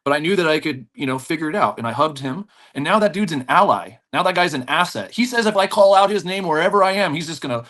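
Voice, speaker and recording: A man's voice: fairly high pitch, quick pace, few pauses. A man who runs a jiu-jitsu school, guest on a podcast, telling stories with energy, acting out the people in them and laughing often. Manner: animated storyteller, acts out voices, laughs often. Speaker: jiu-jitsu black belt and gym owner, podcast guest. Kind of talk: storytelling in a podcast interview.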